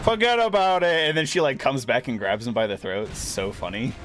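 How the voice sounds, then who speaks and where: A man's voice: fairly low pitch, lively intonation, a little fast, a bit bright, a little hiss or hum. A man streaming a video game, chatting casually with his viewers and answering chat, with lots of "like" fillers. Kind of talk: casual gameplay commentary. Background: game music.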